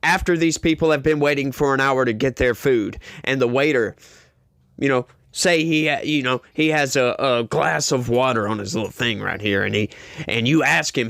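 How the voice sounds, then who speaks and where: A man's voice: medium pitch, moderate pace, creaky, a bit bright, no room sound. A male commentary host ranting emphatically, exasperated and repeating himself as he rails against the news.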